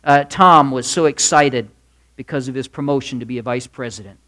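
A man's voice: mid-range voice, a little fast, sharp tone. A male pastor giving a Wednesday night sermon in a folksy manner, mixing stories, jokes and asides. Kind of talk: midweek church sermon.

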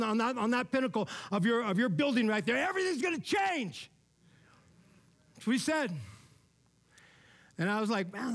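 Male pastor, high-pitched voice, relaxed street-casual preaching, dynamic loud-to-soft swings. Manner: casual, conversational preaching with frequent "man" and "all right?"; swings between loud emphatic bursts and quiet low asides. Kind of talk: sermon.

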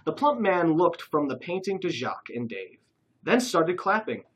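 A narrator reading a comic caper story aloud, expressive and lively. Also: medium pitch, moderate pace, breathy edge, poor audio.

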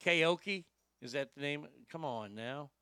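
A man's voice: a little high, expressive, unhurried, bright, forceful tone, smooth, no echo, clean studio sound. A man hosting a commentary show, delivering a brash, swaggering, profane comedic rant. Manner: brash, swaggering, heavy swearing.

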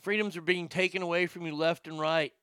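A man's voice: a little high, fairly even intonation, a little fast, a bit bright, smooth, dry recording. An older man giving heated, profane and sarcastic political commentary.

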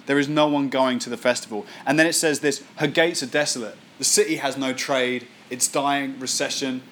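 A man giving a Sunday sermon as the speaker at church, reading scripture slowly and then acting out quotes and voices with lively emphasis. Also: mid-range voice, a little hiss or hum. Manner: animated preaching, acts out voices and quotes. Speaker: pastor.

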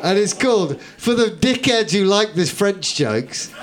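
A man's voice: high-pitched, expressive, a little slow, background noise. A man performing a comic poem for a live audience, rhythmic, theatrical and wry. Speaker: comedian and performance poet.

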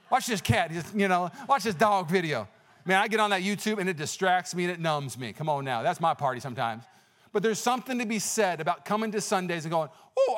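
Animated man preaching a sermon. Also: high voice. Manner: conversational and animated, with many fillers and restarts. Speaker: pastor.

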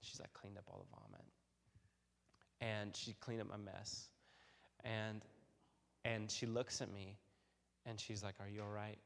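A man's voice: on the low side, a little slow, gravelly, pauses often, in a large hall. A man preaching to a youth group, telling a long personal story full of fillers and restarts. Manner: animated storytelling, many fillers and repeated starts. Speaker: youth pastor.

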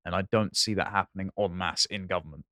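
Rapid, low-voiced man. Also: sharp tone, no room sound. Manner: argumentative, rapid. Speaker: podcast co-host. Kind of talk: casual chat.

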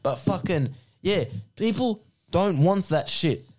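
A man's voice: high voice, animated, slow, darkish tone. A young Australian man chatting casually on a podcast, rambling and swearing freely. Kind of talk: casual chat.

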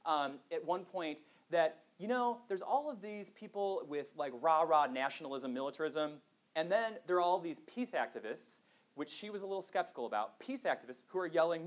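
A man's voice: fairly high pitch, expressive, normal speed. A man giving a conversational public lecture to a live audience, self-deprecating and full of fillers.

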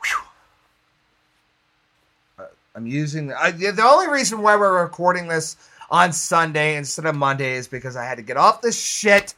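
A man's voice: on the high side, bright, forceful tone. A man co-hosting a casual podcast, ranting with heavy profanity and self-deprecating jokes. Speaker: podcast co-host.

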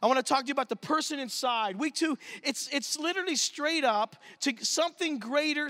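Man, youth pastor, very high voice, sharp tone, animated church storyteller. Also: brisk, hardly any pauses. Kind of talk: sermon storytelling. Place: church service.

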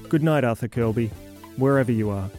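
A man hosting and narrating a fiction podcast, delivering a scripted intro with deadpan dark humor. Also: medium pitch, fairly quick, faint music behind.

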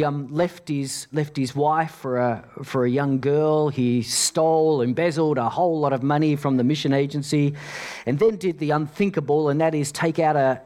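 A man preaching a sermon as pastor, telling stories with many repeated words, dropping soft and low for quoted lines.

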